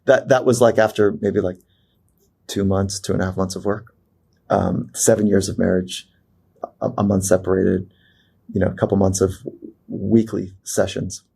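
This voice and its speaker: Gravelly-voiced man telling a personal story. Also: low-pitched, moderate pace, pauses often. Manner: animated storyteller who acts out quoted voices, many fillers and restarts. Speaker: guest, performance psychologist. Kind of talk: personal storytelling in a podcast interview.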